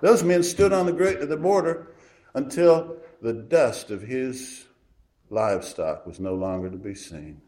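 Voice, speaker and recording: A man's voice: mid-range voice, a little slow. Folksy preacher man in a roomy space. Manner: folksy, emphatic, swings from loud to hushed. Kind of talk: sermon. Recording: roomy echo.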